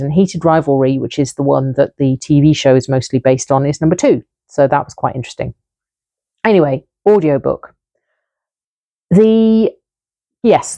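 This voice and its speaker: A woman's voice: sits low, mellow, no room sound. A woman, chatting candidly through a book review with wry asides. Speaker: book vlogger. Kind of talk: casual book review monologue.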